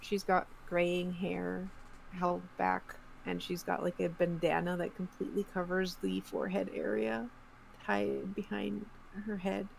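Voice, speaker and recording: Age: adult. Role: game master. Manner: slow, gravelly narration. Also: female voice, on the low side, slight background noise, rough recording. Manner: relaxed, descriptive, chatty with fillers.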